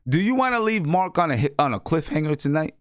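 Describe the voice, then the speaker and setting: A man hosting a sports talk show, telling a coaching story in a casual, animated way and acting out quoted lines. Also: fairly high pitch, fast, no room sound, clean studio sound. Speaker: show host and girls' basketball coach. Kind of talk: casual chat.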